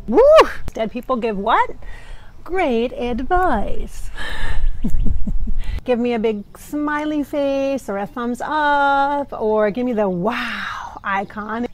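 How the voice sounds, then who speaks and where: A woman vlogging casually as a psychic, rambling and sassy, laughing often as she talks out loud. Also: fairly high pitch, takes it slowly. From Minnesota, US. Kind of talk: casual blooper vlog talk. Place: home, car and outdoors.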